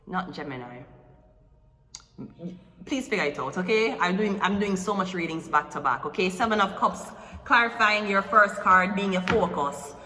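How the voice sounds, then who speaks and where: Blunt, bright-voiced woman reading tarot. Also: mid-range voice, expressive, normal speed, a little hiss or hum. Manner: blunt, teasing, talks straight to the viewer. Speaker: tarot reader. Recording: echoey room with long reverb, faint music.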